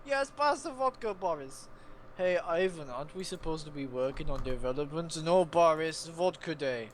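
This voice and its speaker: A man's voice: on the high side, lively intonation, normal speed, a little hiss or hum, natural voice. A man voicing a pair of mock Russian male game developers with a fake Russian accent, in an exaggerated jokey caricature.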